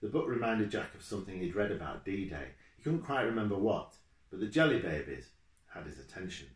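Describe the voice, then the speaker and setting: A man reads his own children's book aloud in a steady, measured way. His voice sits low and deep. The sound rings in an echoey room at home, caught on a home video camera. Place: room at home, with his dog beside him.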